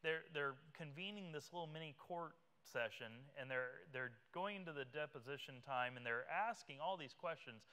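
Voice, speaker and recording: A man preaching with a bright, ringing voice that is smooth and resonant. He retells the story casually and gives the characters their own lines. His sound carries a long reverb from the church hall. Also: fairly high pitch, moderate pace, few pauses. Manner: conversational, vivid retelling that acts out the characters. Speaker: pastor. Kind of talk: sermon.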